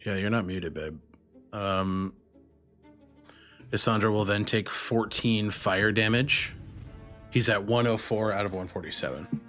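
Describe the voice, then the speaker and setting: A man acting as game master for a tabletop session, talking through moves and dice results in a relaxed, unhurried way. His voice sits a little low, and he speaks very slowly. Soft music plays faintly under him. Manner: unhurried, casual rules narration.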